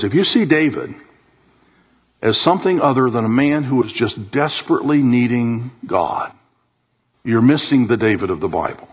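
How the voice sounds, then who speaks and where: A man preaching a sermon to a congregation in a church hall, his delivery animated, dropping to low murmurs and rising to high emphatic bursts. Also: normal speed, breathy edge. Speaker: pastor.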